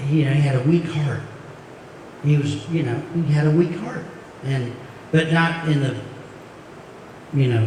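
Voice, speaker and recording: A middle-aged man telling a halting, heartfelt story on a concert stage, heard through a stage mic from the audience. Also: mid-range voice, darkish tone, slight background noise. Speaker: singer-songwriter performing a concert. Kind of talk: storytelling between songs. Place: opera house stage. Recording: echoey hall recorded from far off.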